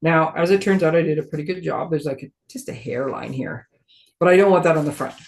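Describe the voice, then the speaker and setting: A woman's voice: sits low, quick pace. A woman leading a casual live paper crafting demo. She thinks aloud as she works and pokes fun at her own clumsiness. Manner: chatty, thinks aloud while working, self-deprecating.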